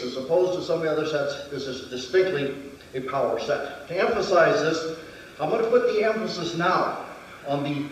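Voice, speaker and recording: Counting off each movement, a man with a slightly high voice walks through a weapons demonstration in a methodical way as a martial arts instructor. A distant mic in a very echoey hall picks him up, along with a little hiss or hum.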